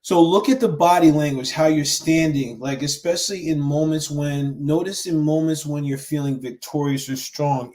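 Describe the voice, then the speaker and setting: A man who founded a men's education group, coaching viewers in an earnest, animated live-stream talk with frequent restarts and pauses. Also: a little high. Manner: mimics harsh self-talk in sharp raised bursts.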